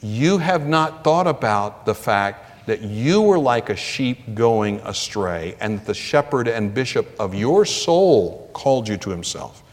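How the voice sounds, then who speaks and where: A man's voice: on the low side, big pitch swings, slow, few pauses. A man preaching a sermon as a pastor, emphatic, lifting his voice for scripture readings. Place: church sanctuary. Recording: long reverb of a large hall.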